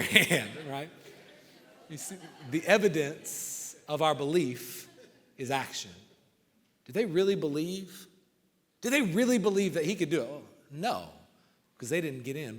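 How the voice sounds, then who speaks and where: A man giving a motivational talk to coaches, telling stories and swinging from loud outbursts to hushed lines. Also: high-pitched. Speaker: motivational speaker. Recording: reverberant hall.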